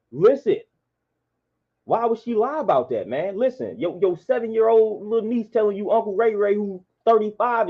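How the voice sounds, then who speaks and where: A man, delivering an impassioned monologue in a preachy, repetitive, emphatic way. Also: sits high. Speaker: vlogger. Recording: dull lo-fi sound.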